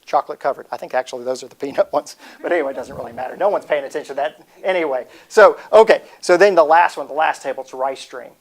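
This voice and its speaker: A man in his forties gives a motivational talk to a crowd, his voice sitting a bit high for a man. He rambles in a joking way and often breaks off mid-sentence to start over. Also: quick pace, hardly any pauses. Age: 40s. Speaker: speaker giving a talk.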